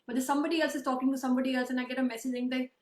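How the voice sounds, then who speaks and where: A woman in her thirties hosting a casual interview, talking expressively and emphatically, quick to agree and share her own stories. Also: high voice, fairly even intonation, reverberant, distant mic, low-quality recording. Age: 30s. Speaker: host and book author.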